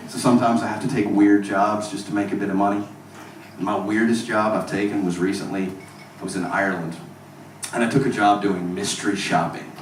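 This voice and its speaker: A stand-up comedian from Mississippi doing a crude, profane routine, with deadpan asides to the crowd. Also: male voice, fairly low pitch, a little hiss or hum. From Mississippi, USA. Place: comedy club stage. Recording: echoey club recorded from far off.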